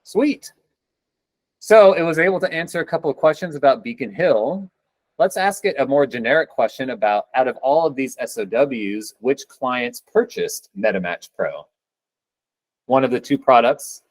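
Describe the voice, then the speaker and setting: Male presenter, mid-pitched voice, dry close sound; relaxed, upbeat live demo with joking asides. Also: normal speed, no room sound, low-quality recording. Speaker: presenter at a programming meetup.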